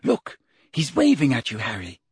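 A man voicing an anxious, bossy teenage schoolgirl in a raised, brisk and earnest voice. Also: mid-range voice, huge pitch swings, breathy edge, no room sound, studio quality, exaggerated voice.

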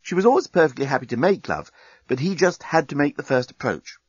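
A man narrating a comic science fiction story in a wry, measured way. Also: on the high side, expressive, husky, dry recording, dull audio. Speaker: audiobook narrator. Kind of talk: scripted narration.

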